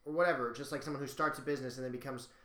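A man with an average-pitched voice chatting casually on a livestream, making offhand jokes and chiming in. The sound is roomy and echoey, as if recorded in a living room. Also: steady tone, rapid-fire, a bit bright. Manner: joking, offhand, chimes in. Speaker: livestream co-host. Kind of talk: casual chat.

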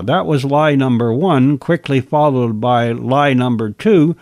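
A man's voice: mid-range voice, slow pace, few pauses, darkish tone, dry recording, clean studio sound. A man teaching a Bible lesson as narration, adding wry asides between the scripture readings.

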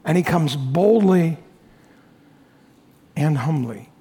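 A man preaching a sermon as lead pastor, earnest, moving between bold emphasis and quiet reflection. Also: a little high, lively intonation, slow pace, husky, long reverb tail.

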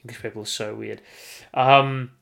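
An Australian man holds forth alone on his podcast, hammering his points home by saying them again and again. He talks at a middling pitch and swears without a second thought. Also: fairly even intonation, moderate pace, creaky, a bit bright. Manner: emphatic, repeats himself, swears freely. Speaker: podcast host. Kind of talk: solo sports podcast rant.

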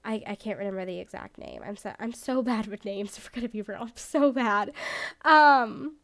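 A woman's voice: medium pitch, expressive, normal speed, a bit bright. A woman hosting her own podcast in casual solo chat, rambling and self-deprecating, with lots of "like". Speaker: podcast host.

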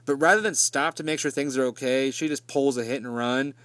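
A man tearing into a movie with a steady stream of swearing and sarcasm, his pitch sitting right in the ordinary middle. The sound is dry and close, with no room echo at all. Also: fairly quick. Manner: sarcastic and profane, with mocking asides. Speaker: movie reviewer. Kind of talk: casual profane movie recap.

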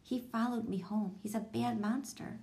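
A woman's voice: steady tone, moderate pace, creaky, darkish tone. A woman voicing a frightened four-year-old boy in a storybook reading. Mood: fearful, curious. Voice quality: high, small childlike voice. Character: scared little boy, four years old.

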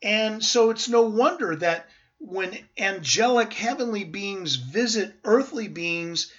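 A man's voice: high-pitched, fairly bright tone, lo-fi sound. A man pastor teaching a verse-by-verse Bible sermon, earnest and emphatic, with rhetorical questions to his listeners.

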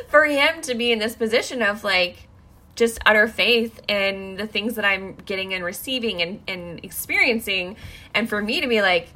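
Bright-voiced woman telling a personal story. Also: mid-range voice, a little slow. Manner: emotional, rambling, many "like" fillers.

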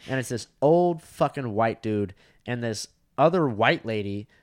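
A man's voice: mid-range voice, animated, a little slow. A young man on a podcast telling rambling, profane stories in casual chat, full of fillers. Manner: profane, rambling, lots of 'like'. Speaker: podcast co-host, comedian.

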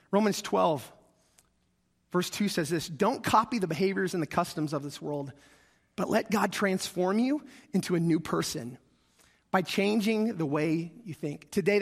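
High-voiced preacher in a reverberant hall. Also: male voice, moderate pace, gravelly. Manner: animated, acts out quoted voices, asks the congregation. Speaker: pastor. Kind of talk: sermon. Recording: long reverb of a large hall.

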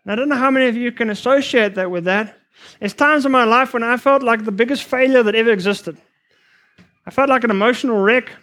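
A man preaching a sermon to future missionaries, earnest and emphatic, sometimes rushing his words. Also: very high voice, fairly bright tone. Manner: earnest, emphatic, rushes at times.

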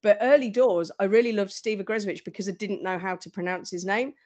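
A woman as a guest, telling stories in an animated, storytelling way. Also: mid-range voice, fast. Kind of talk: casual fan chat.

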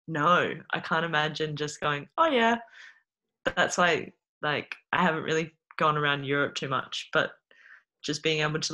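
Australian speaker, bright tone, chatty and easily amused, lots of fillers. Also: medium pitch. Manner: laughs often, rambling with many fillers. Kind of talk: casual podcast chat.

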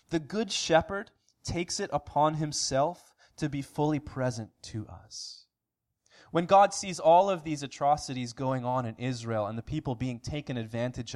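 A man preaching an earnest sermon as pastor, asking rhetorical questions and restarting phrases now and then. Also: mid-range voice. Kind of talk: sermon recap.

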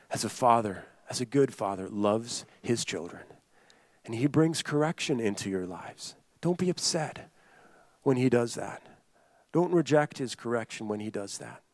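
A man's voice: medium pitch, no echo. A man delivers a sermon in a mid-range voice, earnest and emphatic. He restates his points and turns straight to his listeners. The recording is dry and close. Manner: earnest, repetitive preaching with emphatic restatements and direct address. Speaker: pastor.

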